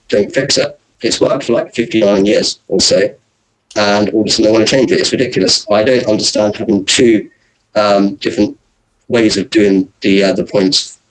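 A man's voice: lowish voice, poor audio. A man sounding off as a podcast panel guest, indignant and filling gaps with ums. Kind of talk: casual panel chat.

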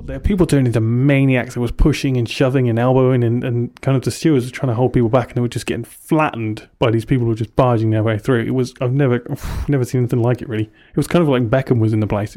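Wry co-host, mellow darker voice, grumbling banter. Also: male voice, medium pitch. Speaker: podcast co-host. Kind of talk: casual chat.

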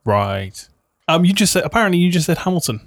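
Wry man with lively pitch. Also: fast talker, dry recording, clean studio sound. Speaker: podcast co-host. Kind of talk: casual banter.

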